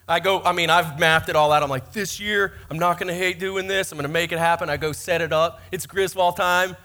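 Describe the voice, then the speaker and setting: A man in his forties preaching a sermon in church, his voice pitched high and bright. He tells his stories with a joking, self-mocking edge. It has the easy, teasing tone of a pastor talking to his congregation.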